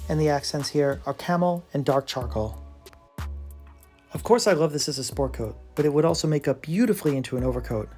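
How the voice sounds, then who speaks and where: Gravelly, enthusiastic brand presenter. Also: medium pitch, darkish tone. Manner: enthusiastic, admiring. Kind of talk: scripted product narration.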